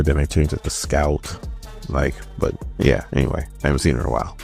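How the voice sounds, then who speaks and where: A man hosting a casual comic book recap, animated and joking. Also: low-pitched, vocal fry.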